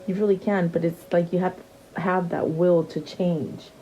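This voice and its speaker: Soft-spoken woman reading tarot cards. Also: fairly low pitch, fairly even intonation, normal speed, muffled recording, slight background noise. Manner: chatty, repeats questions to the cards softly, many fillers and restarts. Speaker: tarot reader. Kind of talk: casual tarot reading to camera.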